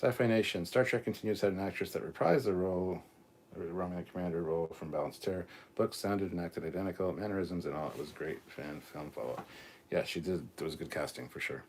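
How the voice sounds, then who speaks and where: A man with a very deep voice hosts a live stream, reading chat messages aloud and answering them. He talks casually and crudely, swearing freely. A faint hiss sits under the recording. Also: fast talker, darkish tone. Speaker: host.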